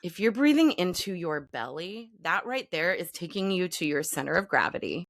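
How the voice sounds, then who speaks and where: A woman guest who works as an acting and voice coach, explaining breathing in calm, instructive steps. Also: fairly low pitch, normal speed, creaky, no echo, studio quality. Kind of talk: conversational podcast interview.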